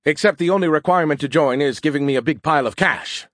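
A man's voice: a little high, fast, fairly bright tone, dry recording, studio quality, voice pushed up. A man voicing a boastful, snarky male AI that lives in a beer can, in a raised, self-important tone. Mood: smug.

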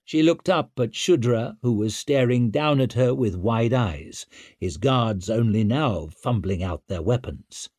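A man narrating an audiobook in a measured, tense way. His voice is husky and mid-pitched, with a dry, close sound and no room around it. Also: lively intonation, darkish tone, dry recording.

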